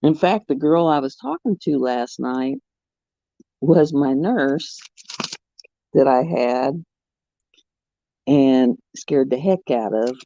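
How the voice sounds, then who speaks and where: A woman chatting casually on her craft vlog as an animated storyteller, recorded at home. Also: a bass voice, slow, vocal fry, pauses often, no echo. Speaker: crafting vlogger. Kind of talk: casual chat. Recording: muffled, dull sound.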